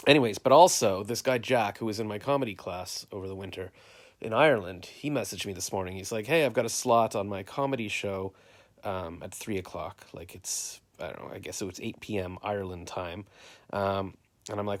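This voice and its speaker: Speaking briskly in a fairly low voice, a Canadian man rambles through the story of his day during a casual live-stream chat. He quotes everyone with "I'm like" and "he's like."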